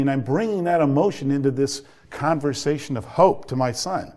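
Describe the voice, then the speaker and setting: A man's voice: medium pitch, normal speed, few pauses, a little mellow. Fifty-something guy, parent coach, telling his story, earnest and thoughtful, gets fired up on the big points. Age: 50s. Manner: reflective, earnest, builds to heated emphasis. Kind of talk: personal storytelling talk.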